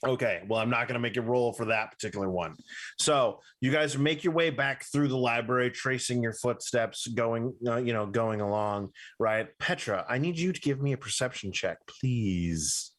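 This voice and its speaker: A man's voice: mid-range voice, animated, moderate pace, a bit bright. A man narrating a tabletop game as game master, rambling and correcting himself with frequent fillers.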